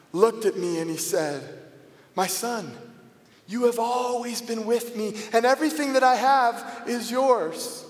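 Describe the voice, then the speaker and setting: A man performing a dramatic first-person biblical monologue with a theatrical manner. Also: high-pitched. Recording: echoey hall with long reverb.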